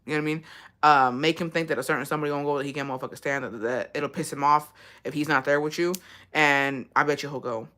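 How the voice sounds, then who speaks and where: A woman's voice: low voice, a bit bright. A woman vlogger giving blunt, profane advice in a casual chat, telling a story with lots of swearing.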